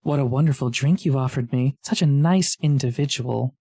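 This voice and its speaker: A man voicing a smooth-talking giant snake creature in a tabletop game, silky and ingratiating. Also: mid-range voice, moderate pace, dark tone, no room sound, studio quality. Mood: flattering.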